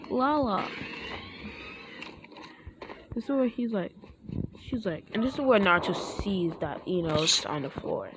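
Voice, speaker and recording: A woman rambling through a fan-story retelling, halting often and mixing up names. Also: medium pitch. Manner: halting, full of restarts and name mix-ups. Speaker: storyteller vlogger. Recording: loud background noise.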